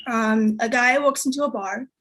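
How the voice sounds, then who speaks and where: A woman performing a stand-up comedy set, whose first language is Chinese, telling jokes in a deadpan way and jumping much higher when she quotes people. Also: normal speed, a little hiss or hum. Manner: deadpan delivery, jumps high for quoted voices.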